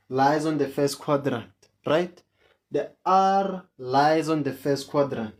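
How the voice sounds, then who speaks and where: A maths tutor leads an online lesson at an unhurried pace. The voice sits at a middling pitch, and each question gets asked several times over to draw the students in. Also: darkish tone.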